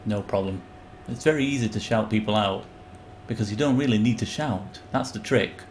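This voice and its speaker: A man's voice: on the low side, normal speed, darkish tone, a little hiss or hum. A man streaming a game live, rambling and joking with his chat and yelping when things go wrong. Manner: rambling, jokey, breaks into yelps when panicking. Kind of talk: live gameplay commentary.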